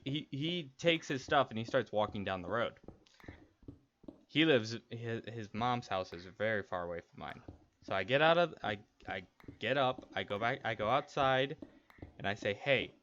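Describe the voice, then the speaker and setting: Chatting during a gaming stream, a young man rambles through a personal story with candor and frequent restarts. His voice is on the low side with a fairly bright tone, captured in dull, faintly noisy lo-fi audio.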